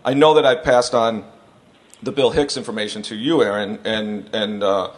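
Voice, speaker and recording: A man's voice: lowish voice, moderate pace. A man hosting a podcast, telling stories in a loose, rambling way and acting out the people he quotes. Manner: rambling, animated storyteller who acts out quotes. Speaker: podcast host. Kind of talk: casual chat, storytelling.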